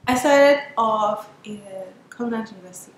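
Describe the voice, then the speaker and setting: Lively young woman, roomy sound. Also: a little high, moderate pace. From Nigeria. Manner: lively storyteller who acts out what people said. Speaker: business owner and surface pattern designer. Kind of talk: storytelling to camera.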